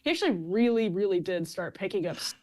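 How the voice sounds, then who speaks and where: A woman's voice: mid-range voice, lively intonation, fast talker, darkish tone. A woman political commentator delivering emphatic, scornful opinion.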